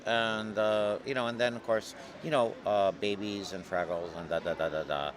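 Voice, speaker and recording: A man telling stories in an interview, lively and acting out other people's voices. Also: on the low side, moderate pace. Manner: animated storyteller, acts out voices in anecdotes. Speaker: comic artist guest. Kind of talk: storytelling interview. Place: convention floor.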